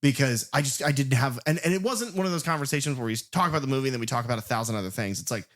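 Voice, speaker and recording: A man's voice: mid-range voice, lively intonation, racing, fairly bright tone. Man rambling through casual podcast stories. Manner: rambling storyteller, enthusiastic, swears casually. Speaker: podcast co-host. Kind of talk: casual film chat.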